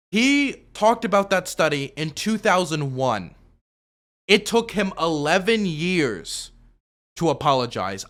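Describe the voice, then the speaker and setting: Brief: male streamer with a bright, slightly high voice, rebutting a video in a loose, argumentative way. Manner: argumentative, rebutting with repeated objections; loose, full of fillers and restarts. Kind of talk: commentary.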